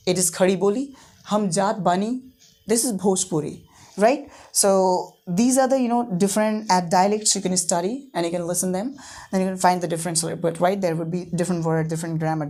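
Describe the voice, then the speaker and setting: A woman gives a lesson in a fairly low voice. She repeats key words and keeps checking that her students follow. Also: a little mellow. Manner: repetitive, checks understanding with "right?". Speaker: English teacher. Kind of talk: whiteboard language lesson.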